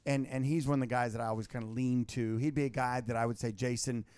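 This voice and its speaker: A man, a guest on a talk show, telling stories in casual political chat, animated and full of restarts. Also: mid-range voice, fast, no echo. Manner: animated storytelling with many restarts.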